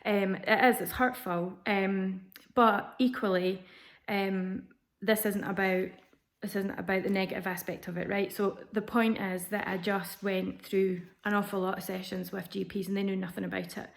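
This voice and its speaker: A woman's voice: medium pitch, level tone, normal speed, creaky, few pauses. Chatty woman telling her story. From Scotland. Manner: candid, chatty, many restarts and ums. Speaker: vlogger. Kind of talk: personal storytelling to camera.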